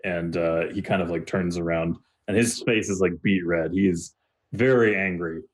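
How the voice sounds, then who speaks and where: A man's voice: deep voice, steady tone, moderate pace. A man narrating as game master, loose and full of uhs and likes. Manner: loose, filler-heavy narration.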